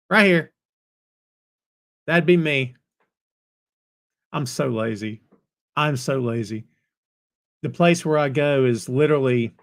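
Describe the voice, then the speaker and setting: A man's voice: on the high side, a bit bright. A man hosting a wrestling podcast, chatting casually with live viewers and greeting them by name. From North Carolina. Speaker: podcast host. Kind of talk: casual chat reading live comments.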